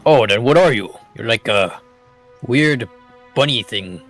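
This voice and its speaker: A man playing a naive character at a tabletop game, loud and blurting. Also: medium pitch, animated, measured pace, faint music behind. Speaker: player. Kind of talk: in-character roleplay.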